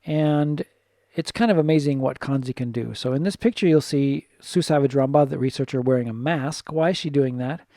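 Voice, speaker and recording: A man's voice: mid-range voice, moderate pace, mellow, dry recording, studio quality. A man teaching a casual recorded lesson, thinking aloud and correcting himself as he goes. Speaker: English teacher.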